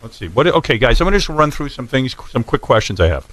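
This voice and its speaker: A radio host running a quick tech check with his crew, impatient and directing people. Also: medium pitch, sing-song, fairly bright tone. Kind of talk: casual studio tech check. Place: radio studio.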